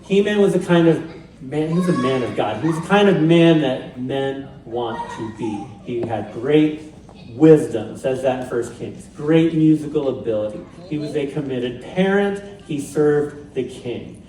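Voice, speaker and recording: A man's voice: mid-range voice, unhurried, warm tone, slight background noise. A male pastor preaching a sermon in a conversational way with light humor. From Pacific Northwest, USA. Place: church sanctuary. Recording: roomy church sound from a distant mic.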